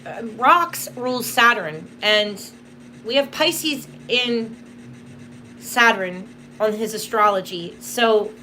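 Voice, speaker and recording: A woman's voice: on the high side, animated, slow, bright, forceful tone, slight background noise. A woman hosting a live spirit box session, emotional and apologetic as she talks to the spirits, close to tears. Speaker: tarot reader and spirit box host.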